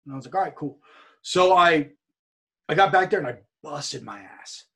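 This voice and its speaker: Podcast guest: man from California, somewhat high husky voice, loose animated storyteller who acts out quotes. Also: moderate pace. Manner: rambling, animated anecdote-telling with many repeats and quoted dialogue. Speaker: interview guest, wrestler and streamer. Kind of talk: casual storytelling in a podcast interview.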